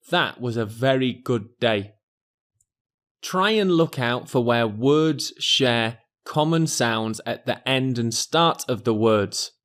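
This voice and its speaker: A man teaching an exam pronunciation lesson in a clear, deliberate scripted delivery that stresses key words. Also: mid-range voice.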